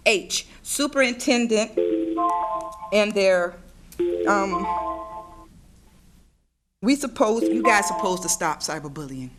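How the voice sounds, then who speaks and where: Distraught mother, public comment, bright tense voice, near tears. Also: mid-range voice. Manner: emotional, pleading, voice near tears. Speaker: parent speaking at public comment. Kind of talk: public comment at a school board meeting. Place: school board meeting room.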